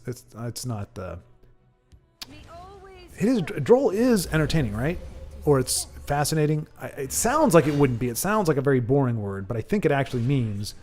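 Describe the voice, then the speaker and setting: This livestream host has a mid-range, somewhat dark voice. He chats casually and jokes with viewers, rambling and frequently correcting himself.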